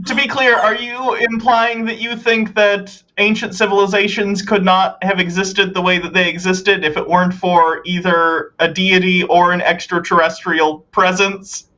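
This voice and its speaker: A woman co-hosting a live call-in show, quick and sardonic with bursts of laughter. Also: medium pitch, level tone, fairly bright tone, muffled recording. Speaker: co-host.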